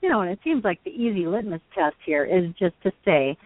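A woman's voice: on the low side, lively intonation, brisk, hardly any pauses, a little hiss or hum. A woman hosting a speaker-training talk, explaining points with enthusiasm and frequent laughs. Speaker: host. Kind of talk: conversational teaching on a call-in show. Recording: dry tinny phone line.

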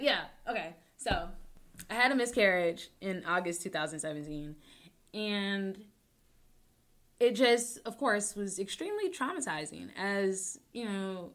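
A young adult woman hosting her own talk show, rambling with many restarts, joking to deflect, swinging between loud bursts and soft mumbles. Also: mid-range voice, expressive, measured pace. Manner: rambling, self-interrupting, jokes to deflect. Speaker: podcast host. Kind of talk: casual personal talk show.

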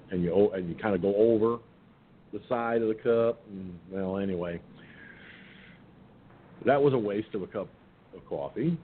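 An older man hosting an internet radio show, telling a long rambling story about his day with restarts and casual swearing. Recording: muffled phone-line audio with faint rumble.

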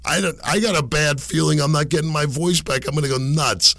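Hoarse, gravelly-voiced man podcasting. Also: fairly high pitch, a little fast, fairly bright tone, dry recording. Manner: rambling, self-amused, laughs at own jokes. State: hoarse, sick voice. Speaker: podcast host. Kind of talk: casual solo podcast monologue. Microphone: desk microphone.

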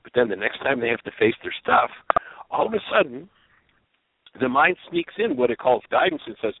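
A man's voice: mid-range voice, normal speed, creaky, slightly rough, dry recording. A man hosting a call-in radio show, teaching on perception and acting out quoted voices as he goes. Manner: lively, acts out other people's voices in quotes. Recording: tinny phone line.

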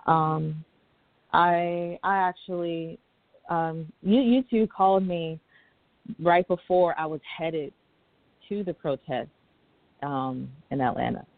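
A young woman calling in to a talk show, speaking haltingly and fighting back tears. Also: low-pitched, no room sound. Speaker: caller. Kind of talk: emotional call-in. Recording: tinny phone line.

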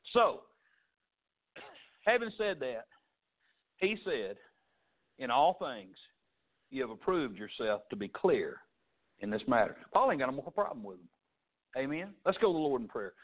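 A Southern US preacher delivers a fervent sermon in a high-pitched voice, stumbling through repeated words as he presses his point. The sound is thin and tinny, like a phone line. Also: sing-song, normal speed, pauses often. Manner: fervent preaching with frequent stammered restarts. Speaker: pastor. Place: church sanctuary.

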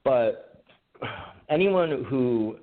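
A man's voice: mid-range voice, animated, drawn-out words. A man co-hosting a podcast, chatting casually in a rambling, joking way and laughing often. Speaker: podcast co-host. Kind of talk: casual chat. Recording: phone-like call audio.

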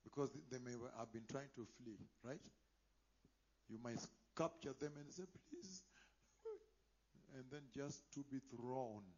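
A man preaching a sermon, moving between quiet asides and loud impassioned declarations. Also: medium pitch, unhurried, long pauses, highs cut off.

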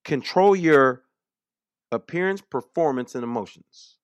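A man's voice: medium pitch, lively intonation, a little slow, clear, resonant tone, no echo, highs cut off. A man hosting a political talk radio show, speaking in an emphatic, repetitive monologue.

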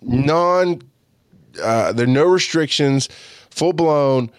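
A man's voice: a little high, slow, dry recording, clean studio sound. A man in his forties telling a casual, profane story about his friends as a podcast host, acting out their lines. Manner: profane, animated, acts out quotes of friends.

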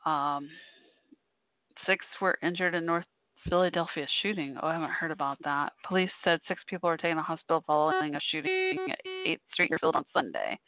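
A woman hosting a live call-in podcast, chatting casually and wandering between topics, tired and yawning. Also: sits low. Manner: chatty, meandering, tired with yawns. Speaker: podcast host. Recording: thin phone-like dry sound.

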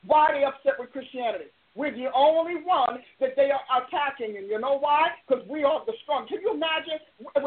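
A woman preacher and show host giving a live broadcast sermon, fervent and emphatic, driving her points home with repeated declarations. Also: high voice. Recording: tinny phone-like audio.

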